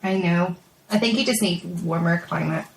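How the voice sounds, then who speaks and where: A woman co-hosting a podcast in casual chat, telling stories and teasing in an animated way. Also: fairly low pitch, normal speed, vocal fry, roomy sound, a little hiss or hum, rough recording. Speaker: podcast co-host.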